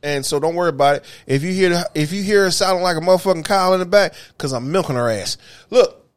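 A man's voice: high voice, fast talker. A man co-hosting a podcast, telling a crude story in casual banter, swearing freely, laughing and acting out what people said. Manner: profane, laughing storyteller who acts out quotes. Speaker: podcast co-host.

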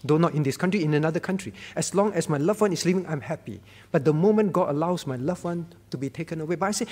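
A man with a high voice preaches a sermon in a church, with his words ringing out in a long hall reverb. He is emphatic, repeats his key words and swings from quiet, low lines to loud ones. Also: quick pace. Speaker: pastor. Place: church sanctuary.

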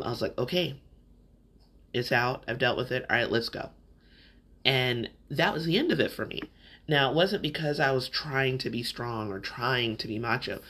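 On his own podcast, a host opens up about a personal story, talking with candor and reflection in a relaxed, free-flowing manner. He has a bright, forceful voice at a normal middle pitch for a man.

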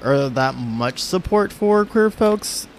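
A man's voice: mid-range voice, animated, slow, a little hiss or hum. A man co-hosting a podcast, telling a story in casual chat with many fillers and frequent laughs. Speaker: podcast co-host.

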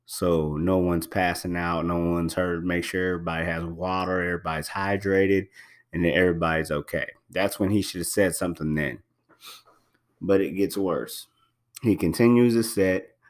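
A man hosting a podcast in casual spoken commentary, talking emphatically, repeating himself and using many fillers. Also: low-pitched. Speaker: podcast host.

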